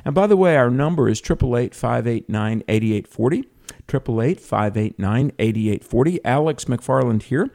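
A man's voice: medium pitch, expressive, normal speed, creaky, mellow. A middle-aged man with a Southern accent hosting a call-in radio talk show, folksy and earnest, with many fillers and restarts. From Southern United States.

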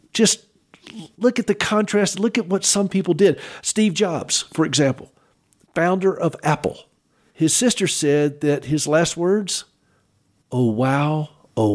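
Man, devotional speaker, unhurried and reflective, slightly raised pitch, lots of emphatic pauses. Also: darkish tone. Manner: asks the listener direct questions. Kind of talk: devotional Easter talk.

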